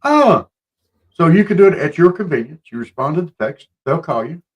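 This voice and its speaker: A man's voice: fairly high pitch, very animated, fairly quick. A man co-hosting a morning talk show, talking in an emphatic, opinionated way. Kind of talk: casual morning show banter.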